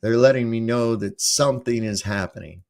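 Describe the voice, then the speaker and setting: Brief: male podcast host, loose rambling storyteller, cusses freely, mid-pitched voice. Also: moderate pace, gravelly, darkish tone. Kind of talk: casual podcast chat.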